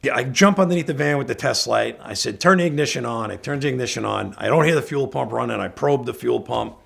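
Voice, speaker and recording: A middle-aged man with a gravelly, husky voice tells a story in a loose, chatty way. He acts out what each person said, switching between his own lines and theirs. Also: medium pitch, quick pace, a bit bright. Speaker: guest storyteller. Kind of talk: casual anecdote telling.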